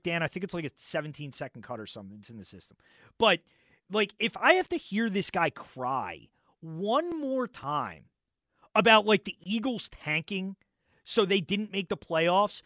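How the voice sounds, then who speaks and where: A man hosts sports talk radio in a loud, mocking, animated rant. His voice sits high and swings widely in pitch. He is close on a dry studio mic. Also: dry recording. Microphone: studio microphone.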